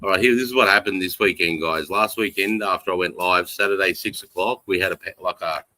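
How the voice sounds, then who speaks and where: A man's voice: sits low, fairly quick, bright, forceful tone, poor audio. An Australian man hosting a casual live stream, rambling, swearing freely and reading out chat comments. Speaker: livestream host. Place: home in the countryside.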